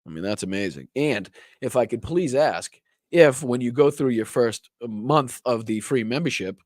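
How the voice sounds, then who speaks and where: A man's voice: medium pitch, animated, normal speed, a little mellow, dry recording, studio quality. A man with a Boston accent hosting a live-stream political commentary show, talking in a profane, sarcastic, rambling way.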